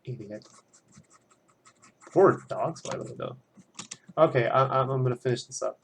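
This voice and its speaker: A man's voice: mid-range voice, moderate pace, gravelly, slight background noise. Young man rambling while he draws. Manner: rambling, chatty, swears freely. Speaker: art student drawing on stream. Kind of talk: casual commentary while drawing. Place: at home.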